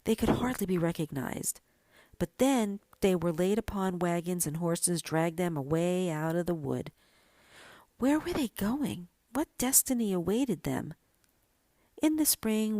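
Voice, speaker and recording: A woman podcast host reading a classic story aloud in a gentle, measured manner. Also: on the low side, animated, no echo. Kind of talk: storybook narration.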